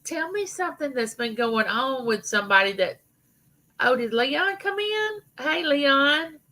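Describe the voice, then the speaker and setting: In a rough recording, a middle-aged Mississippi woman with a Southern drawl welcomes viewers by name during her casual YouTube live chat. Her voice sits high and expressive, with a sharp tone and a measured pace.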